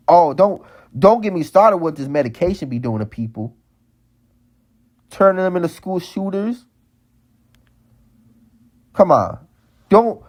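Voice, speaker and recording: A man's voice: a little high, darkish tone. Heated ranting man, repeating himself. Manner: heated, repetitive, stammering restarts. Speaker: vlogger. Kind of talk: ranting monologue.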